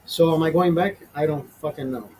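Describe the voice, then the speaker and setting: A man's voice: a little high, fairly quick, darkish tone, a little hiss or hum, low-quality recording. A man of fifty, a show host, telling a rambling story in casual chat, swearing a lot and sounding exasperated. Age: 50s. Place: small studio.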